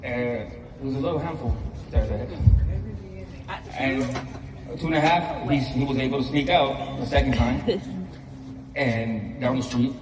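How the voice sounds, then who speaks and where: A man speaking as a father at a funeral, soft-spoken and halting, with many pauses in plain everyday speech. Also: mid-range voice, background noise. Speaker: father giving a eulogy. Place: church or funeral hall. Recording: echoey hall, mic at a distance.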